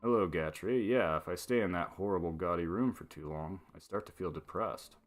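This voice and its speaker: A man voicing a blunt young male commander in a game, in a flat, low-key way. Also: fairly quick, soft background music, lightly acted.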